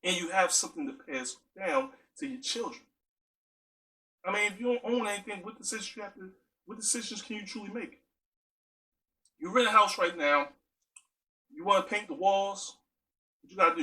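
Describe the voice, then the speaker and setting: Earnest guy talking it through, high bright voice, lots of questions thrown out. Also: low-quality recording. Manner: earnest, piles up rhetorical questions. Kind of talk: spoken monologue.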